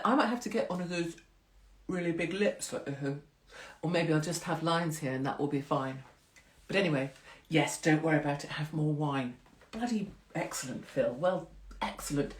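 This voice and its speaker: Chatting casually with her live viewers from home, a middle-aged woman rambles, pokes fun at herself, and swears without restraint as host of a social-media stream. Her voice sits low, her speed is normal, and the sound is reverberant.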